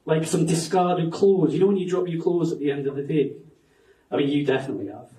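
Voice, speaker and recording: Sweary Scottish stand-up comedian. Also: male voice, a little high, fairly quick, warm tone, distant mic. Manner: rambling, self-mocking, sweary, conversational. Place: comedy club stage. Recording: roomy club sound from off-mic.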